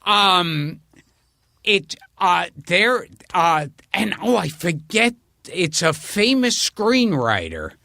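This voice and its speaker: A man's voice: sits high, big pitch swings, takes it slowly, gravelly, sharp tone, no echo, studio quality. A male comedian hosting a podcast, chatting casually and rambling through anecdotes. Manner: rambling, anecdotal, with frequent laughs. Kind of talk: casual chat.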